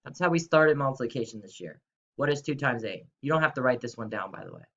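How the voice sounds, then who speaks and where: An upbeat young man teaches schoolchildren in a video lesson and speaks directly to them in a friendly, chatty way. His voice sits at a middle pitch. The audio is a little dull and lo-fi. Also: big pitch swings, fast, gravelly, sharp tone. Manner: upbeat, chatty, talks straight to kids. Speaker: third-grade teacher.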